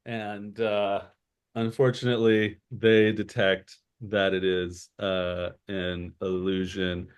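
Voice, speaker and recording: Slow, meandering male game master. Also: sits low, little pitch movement, clear, resonant tone. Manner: unhurried, full of fillers. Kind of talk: running a tabletop game.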